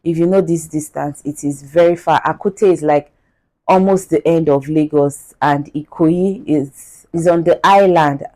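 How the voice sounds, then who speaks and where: Nigerian woman hosting a podcast, talks slow and emphatic, low mellow voice. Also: fairly even intonation. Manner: indignant, emphatic, drawn-out repetition. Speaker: podcast host. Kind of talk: casual podcast monologue, reading a post aloud.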